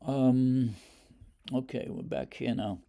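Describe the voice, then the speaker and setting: A man's voice: mid-range voice, slow, gravelly, dark tone. A man teaching a poetry lesson, explaining stanzas and reading the verse aloud with rising emphasis, with many fillers and restarts. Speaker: literature teacher.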